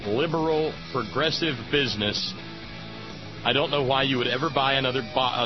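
A man hosting a radio talk show, chatting wryly and rambling with stammered restarts while reading an ad and taking calls. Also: medium pitch. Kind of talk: casual radio talk with live ad read. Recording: muffled lo-fi radio broadcast.

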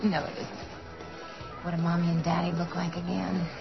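A sardonic female vampire, centuries old, speaking with dry, cutting scorn. Her voice sits low and gravelly. The TV audio is muffled, with a loud score underneath. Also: monotone, moderate pace, over loud music.

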